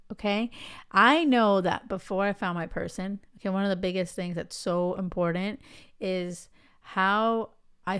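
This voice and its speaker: A woman hosts a podcast, telling her own stories in a loose, chatty way and checking in with her listeners as she goes. Her voice is smooth and clear, sitting at a middling pitch. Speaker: podcast host. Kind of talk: casual storytelling monologue.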